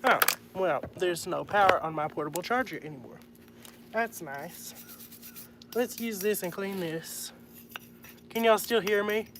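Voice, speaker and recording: A man's voice: high-pitched, unhurried, long pauses, fairly bright tone, slight background noise. Man muttering through a repair. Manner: chatty, muttering to himself as he works. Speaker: livestreamer. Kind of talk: casual live-stream commentary while repairing. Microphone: phone.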